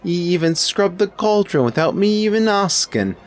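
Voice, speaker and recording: A man's voice: high-pitched, very animated, moderate pace, faint music behind, voice pushed up. A man voicing a chatty, folksy male castle cook with a put-on accent that drifts. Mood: cheerful.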